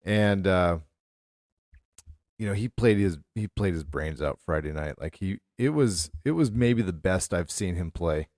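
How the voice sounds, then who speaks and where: A middle-aged man with a fairly low voice co-hosts a podcast, rambling through stories with plenty of fillers and restarts. The sound is dry and close, with no room around it. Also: unhurried, no echo. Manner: rambling, animated storyteller with many fillers. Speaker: podcast co-host. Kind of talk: casual chat.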